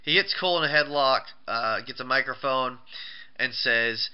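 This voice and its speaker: A man rambles through a casual recap of a show, stumbling over restarts and fillers. His voice sits at an ordinary pitch and sounds smooth. The recording is muffled and lo-fi. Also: normal speed. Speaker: wrestling show reviewer. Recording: dull lo-fi recording.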